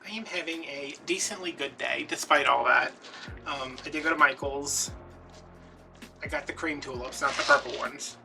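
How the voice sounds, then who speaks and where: A man's voice: on the high side, fairly even intonation, moderate pace, gravelly. A man hosting a DIY wreath-making vlog, telling rambling, chatty stories with lots of fillers while he crafts. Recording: distant mic with background music.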